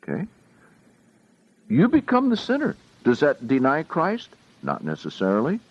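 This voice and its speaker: A man's voice: on the high side, huge pitch swings. A man teaching a Bible study verse by verse, often putting questions to his listeners. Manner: slow and questioning, asks the audience often. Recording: dull lo-fi recording.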